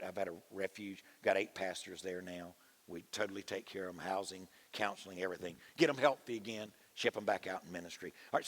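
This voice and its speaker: Folksy preacher with a gravelly voice. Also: male voice. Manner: folksy preaching, swings from low mutters to soaring shouts. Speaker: pastor. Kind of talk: conference sermon.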